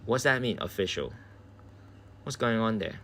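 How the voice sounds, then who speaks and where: A man's voice: lowish voice, expressive, normal speed, sharp tone, slight background noise. An Australian man chatting casually on a live game stream from home, laid-back and swearing freely. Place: indoors at home.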